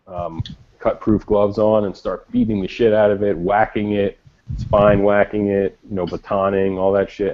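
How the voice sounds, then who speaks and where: A man co-hosting a casual podcast chat, rambling with enthusiasm and plenty of swearing. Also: on the low side. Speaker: podcast co-host. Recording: dull lo-fi sound.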